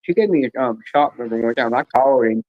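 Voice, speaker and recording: A man's voice: mid-range voice, quick pace, dry recording, phone-quality sound. A man chatting casually on a live stream panel, telling rambling joking stories full of fillers.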